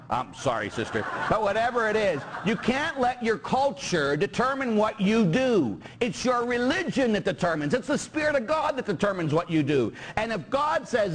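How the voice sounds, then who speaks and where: A man's voice: high voice, very animated, a little fast, few pauses. A middle-aged man from Pittsburgh, a Catholic priest preaching a sermon and joking with his congregation.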